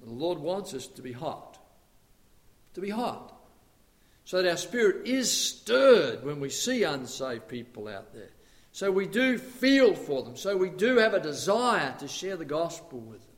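Male pastor with a high voice, preaches with rhetorical questions, loud then hushed. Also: big pitch swings, measured pace. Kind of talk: sermon.

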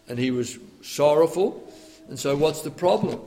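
A man's voice: fairly high pitch, moderate pace, dark tone, a little hiss or hum. A middle-aged man preaching a sermon, reading scripture aloud and telling stories from his own life. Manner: earnest, quotes scripture in old English, tells personal anecdotes.

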